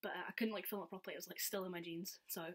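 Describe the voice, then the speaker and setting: A woman's voice: fairly low pitch, steady tone, very fast. A young woman telling a story to camera in a chatty way, full of "like" and acted-out quotes. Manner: chatty, says "like" all the time, acts out quotes. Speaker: vlogger. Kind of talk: casual storytelling.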